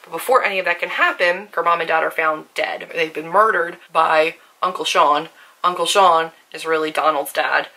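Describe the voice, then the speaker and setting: A woman's voice: sits low, steady tone, moderate pace, sharp tone, poor audio. A woman talking through a book in a rambling, frank, casual vlog discussion. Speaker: book reviewer.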